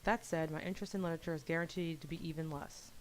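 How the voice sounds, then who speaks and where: A woman's voice: deep voice, steady tone, racing, slight background noise, low-quality recording. A young woman gaming youtuber reading a visual novel aloud in a casual first-person narration, at a desk mic at home.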